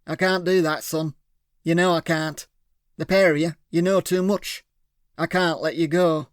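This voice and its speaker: A man voicing a menacing villain boss who talks in a smooth, patronizing way, calling others lad and son. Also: fairly high pitch, steady tone, a little slow, dry recording, studio quality, close to an everyday voice. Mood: strained.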